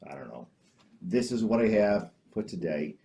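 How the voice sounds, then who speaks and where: Man, comedy show host, deadpan rambling, hesitant, lowish voice, lively pitch swings. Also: moderate pace, creaky. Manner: hesitant, full of uh and um, restarts. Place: small home studio with green screen.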